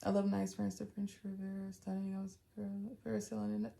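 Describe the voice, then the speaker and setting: A young woman hosting a live stream, casually telling a story in an animated, dramatic way and laughing often. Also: mid-range voice, a little fast, gravelly. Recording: roomy echo.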